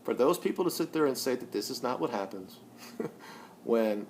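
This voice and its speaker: A man in his forties delivers a blunt, profane opinion monologue in a vlog, rambling and restarting often and getting loud and high-pitched when worked up. He is animated and keeps a moderate pace, with a little hiss or hum in the audio.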